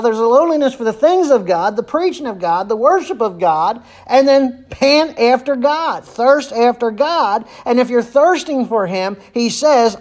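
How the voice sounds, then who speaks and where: A man preaching a sermon as pastor, earnest and repeating phrases for emphasis. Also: extremely high pitch.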